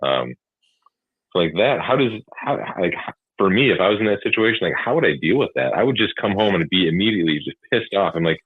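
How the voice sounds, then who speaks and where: Low husky man over a tinny line. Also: lively intonation, fast, no echo. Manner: rambling, full of "like" and restarts. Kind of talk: casual podcast chat. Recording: tinny phone-like line, dry.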